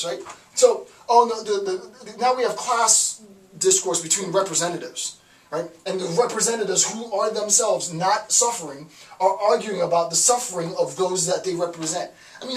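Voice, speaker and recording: A man giving an informal lecture, rambling and checking in with frequent "right?" questions as he explains ideas. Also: high voice. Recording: roomy echo from a distance, faint noise.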